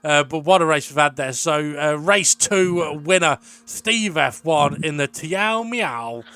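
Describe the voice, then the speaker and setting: A man hosting a sim racing league show, calling the results and trading jokes with a co-host, excitable and full of fillers. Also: fairly high pitch, a little slow, clean tone, no echo. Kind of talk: casual race commentary and banter.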